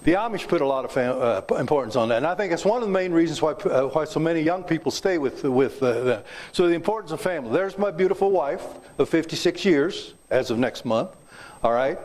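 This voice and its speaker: Lively high-voiced older man telling stories. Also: fairly quick. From south central Kansas, USA. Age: 70s. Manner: folksy and joking, quizzes the audience. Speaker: guest speaker. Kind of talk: storytelling talk to a club audience. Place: club meeting room.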